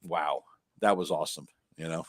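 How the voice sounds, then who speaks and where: A man co-hosting a live stream, chatting casually and telling stories in a profane, animated way. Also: a bass voice, moderate pace, no echo, studio quality. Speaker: co-host.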